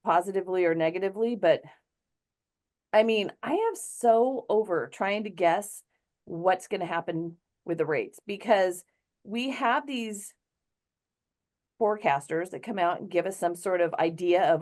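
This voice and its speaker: A middle-aged woman hosting a show, chatty and quick to laugh in casual talk. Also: fairly low pitch, darkish tone. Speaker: show host. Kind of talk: casual chat.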